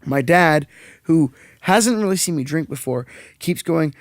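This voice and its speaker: A man's voice: on the high side, animated, measured pace, no echo, clean studio sound. A young man hosting a casual podcast, a profane, rambling storyteller who acts out the quotes. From Canada. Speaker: podcast host.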